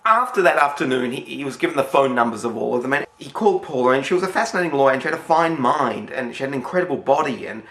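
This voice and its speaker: A man's voice: medium pitch, animated, fast, hardly any pauses, fairly bright tone. A man with an Australian accent telling a story casually, rambling with many fillers and restarts. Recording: roomy echo.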